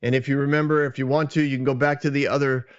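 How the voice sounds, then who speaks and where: A man's voice: medium pitch, level tone, fast talker, clear, resonant tone, lo-fi sound. A man hosting a podcast, casually retelling a scripture story in a conversational, self-deprecating way. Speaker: podcast host.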